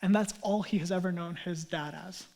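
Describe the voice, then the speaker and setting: A man's voice: high voice, fairly even intonation, a little fast, darkish tone. A man in his thirties, a pastor preaching a sermon in an earnest, conversational way with casual asides.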